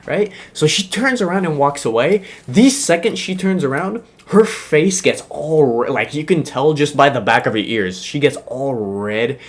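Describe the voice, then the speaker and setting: A young man telling a school story in a casual, animated way, full of slang, swearing and fillers. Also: on the high side, moderate pace, few pauses.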